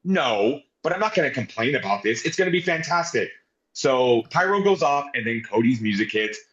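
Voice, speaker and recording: Man, wrestling podcast co-host, animated, swears a lot, echoey room, dull lo-fi sound. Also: medium pitch, moderate pace. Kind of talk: casual wrestling review chat.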